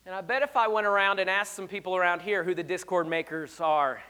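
A pastor preaching a sermon, emphatic and conversational with rhetorical questions, slightly hoarse. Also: male voice, sits high, fairly even intonation, a little fast, sharp tone.

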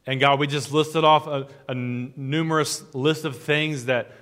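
A man, a pastor, preaching a sermon and leading a closing prayer, earnest and rhythmic, with his phrases falling softer at the ends. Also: on the high side, fairly even intonation, measured pace. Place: church sanctuary. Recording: long hall reverb.

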